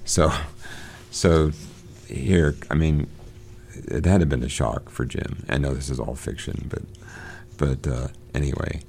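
Very deep, gravelly-voiced man reading aloud. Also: steady tone, mellow, slight background noise. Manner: halting, many fillers and restarts. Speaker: discussion leader. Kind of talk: reading aloud and discussing a novel.

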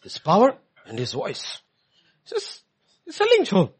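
Man, preacher, sermon, husky voice, slightly high pitch. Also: wildly swooping pitch, unhurried. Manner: swings from hushed to loud emphatic.

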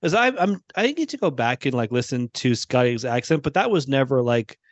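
A man's voice: medium pitch, sing-song, brisk, dry recording. A man co-hosting a podcast, telling a self-deprecating story in casual chat. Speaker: podcast co-host. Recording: dull, dry podcast mic.

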